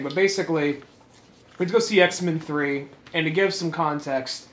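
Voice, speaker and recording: A young man co-hosting a podcast, telling stories in casual chat and breaking into shouted impressions. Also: fairly high pitch, reverberant. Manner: animated storytelling with shouted impressions. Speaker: podcast co-host.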